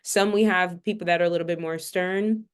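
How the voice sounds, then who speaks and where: A woman hosting a podcast interview, chatty and affirming, asking long, animated questions. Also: fairly low pitch, fairly quick, clean tone. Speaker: podcast host.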